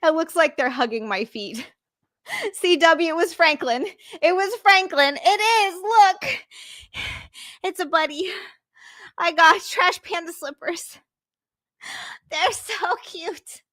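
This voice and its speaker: A bubbly young woman chats live with her stream viewers, her voice high and bright. She greets people by name and squeals when excited. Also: slow pace, long pauses. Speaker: streamer and podcast host. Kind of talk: casual live-stream chat.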